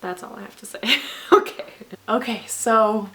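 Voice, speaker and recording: A woman's voice: medium pitch, unhurried, pushed and bright. A sleepy, exhausted young woman chatting casually in a book vlog, rambling with lots of "like" and frequent laughs. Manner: rambling, filler-heavy, laughs often. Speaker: book vlogger.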